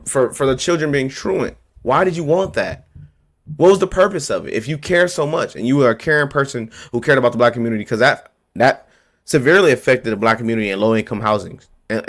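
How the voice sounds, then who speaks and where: A man ranting to camera about politics, heated and confrontational, hammering his points by repeating them in blunt street slang. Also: mid-range voice. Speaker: vlogger.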